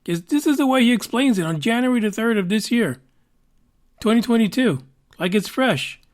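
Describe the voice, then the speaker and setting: Casting: male podcast host, fairly high voice, loose rambling delivery with fillers. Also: animated, moderate pace. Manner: rambling and conversational, with fillers and swearing. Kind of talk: casual podcast monologue.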